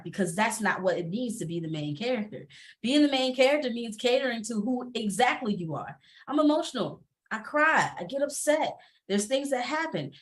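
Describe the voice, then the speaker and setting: A woman, talking candidly and emphatically as a panelist on a video call, often laughing. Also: mid-range voice. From Atlanta area. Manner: animated, laughing, emphatic repetition. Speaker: panelist, entrepreneur and former teacher.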